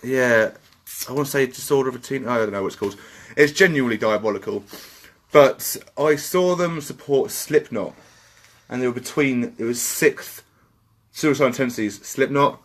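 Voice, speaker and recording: A man's voice: mid-range voice, normal speed. Guy on a podcast, swears a lot, sarcastic, medium voice. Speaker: podcast co-host. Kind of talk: casual chat.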